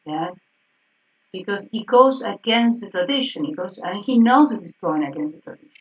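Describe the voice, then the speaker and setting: A woman piano teacher explaining harmony exercises in an online group lesson, checking in with frequent "yes?" and soft laughs. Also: mid-range voice, animated, moderate pace. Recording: slightly dull, distant online call audio.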